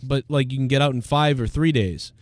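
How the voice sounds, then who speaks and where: A man's voice: medium pitch, fairly quick, dry recording. A man hosting a casual live Q&A stream, rambling and thinking aloud with lots of fillers. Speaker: livestream show host.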